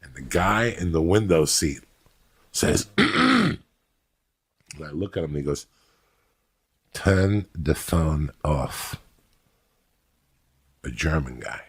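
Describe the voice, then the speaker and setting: Rumbling and low, slightly rough, his delivery runs a little slow with long pauses. The middle-aged man spins profane, blunt anecdotes on a podcast, animatedly voicing what he said back then, and there's no room sound at all.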